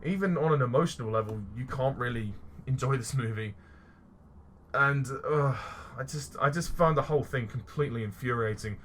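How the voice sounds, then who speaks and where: A man rants his way through a film review with a bright, forceful voice. He sounds fed up, swears freely and keeps stumbling and restarting his sentences. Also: mid-range voice, normal speed, slight background noise. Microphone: voice-only recording.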